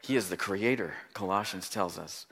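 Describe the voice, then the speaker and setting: A man pastor preaching a sermon, moving between loud pleading lines and soft hushed passages as he acts out Bible voices. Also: deep voice, normal speed, gravelly, slightly rough.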